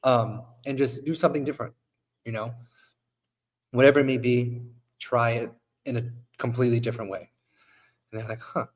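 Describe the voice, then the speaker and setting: A man's voice: mid-range voice, brisk, long pauses. A man who owns an agency, chatting casually on a podcast with a voice he says is going, and acting out his clients' lines. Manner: animated, acts out quotes of clients. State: losing his voice, coughing. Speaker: modeling agency owner.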